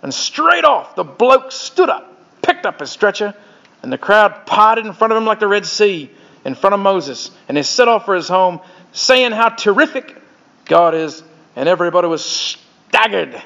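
A man's voice: sits high, sing-song, moderate pace, gravelly, pushed and bright, full character voice. A man voicing a hearty Australian storyteller, punchy and boisterous in an Australian accent. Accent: Australian, put on. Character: hearty Australian male yarn-spinner. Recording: dull lo-fi recording.

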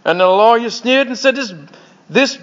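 A man's voice: extremely high pitch, normal speed, a bit bright. A man voicing a hearty Australian storyteller, punchy and boisterous in an Australian accent. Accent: Australian, put on. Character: hearty Australian male yarn-spinner. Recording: dull lo-fi recording.

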